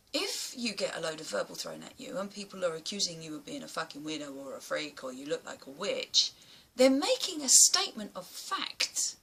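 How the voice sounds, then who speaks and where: A woman's voice: mid-range voice, fairly bright tone, breathy edge. A woman talking blunt and emphatic to camera in a casual vlog, swearing now and then. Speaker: vlogger.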